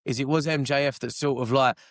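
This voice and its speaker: A man co-hosting a casual wrestling podcast, excitable and sweary, forever asking if you know what he means. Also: mid-range voice, fast talker, dry recording, studio quality. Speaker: podcast co-host. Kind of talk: casual wrestling review chat.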